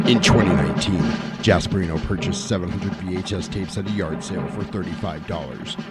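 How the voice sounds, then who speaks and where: A man hosting a podcast, reading a scripted intro with a wry, tongue-in-cheek delivery. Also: sits low. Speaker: podcast host. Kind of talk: scripted narration.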